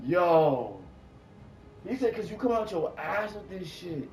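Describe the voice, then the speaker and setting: High-pitched guy rambling and cursing while he games, laughs a lot, kinda far from the mic, music going behind him. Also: measured pace. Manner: animated, excitable storytelling, swears freely; laughs often. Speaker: gaming streamer. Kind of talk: casual rambling chat while gaming. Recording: echoey room, off-mic, with music playing.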